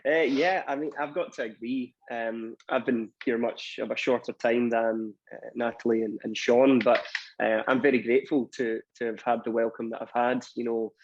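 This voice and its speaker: A man's voice: mid-range voice, little pitch movement, moderate pace, no room sound. A Scottish man speaking as a guest musician on a video panel, hesitant and full of fillers. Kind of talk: casual video panel chat. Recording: dull dry video call audio.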